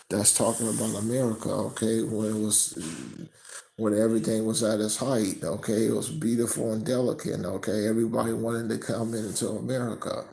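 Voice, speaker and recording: A man teaching from scripture, tagging nearly every sentence with "okay?" and reading the verses slower and louder. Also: fairly low pitch, level tone, creaky, rough recording. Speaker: preacher.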